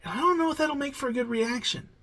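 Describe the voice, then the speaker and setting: Sleepy, rambling host with vocal fry. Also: high voice, fast talker, fairly bright tone, low-quality recording. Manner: rambling, hesitant, many fillers. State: sleepy, yawning. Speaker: YouTube reaction channel host. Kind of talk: casual late-night vlog talk.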